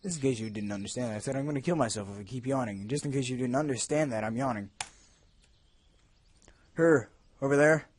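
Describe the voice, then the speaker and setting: A man's voice: mid-range voice, a little fast, pauses often, breathy edge. A man reviewing a video game, reading its text aloud and breaking off into sarcastic, jokey asides. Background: faint game music.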